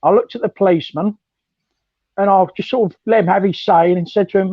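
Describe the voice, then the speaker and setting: A man's voice: high voice, fairly even intonation, a little fast, no room sound, lo-fi sound. A man with a London accent, calling in by phone to a live chat and telling a rambling story with lots of ums. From London, England. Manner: rambling, many ums, laughs at his own story. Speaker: caller on a live stream. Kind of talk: casual storytelling.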